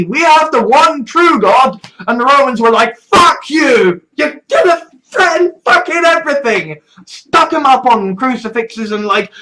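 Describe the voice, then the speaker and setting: A self-righteous Doctor in a clumsy fake Scottish accent, as a speaker puts him on, loud and heated, tripping over words. The pitch sits in the middle and the pace drags. It is a rant delivered as a vlog impression. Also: lightly acted, low-quality recording. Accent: put-on Scottish.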